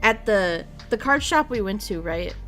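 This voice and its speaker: A woman's voice: medium pitch, expressive, unhurried, a bit bright, faint music behind. A young woman streamer chatting casually, rambling along and swearing freely. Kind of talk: casual chat.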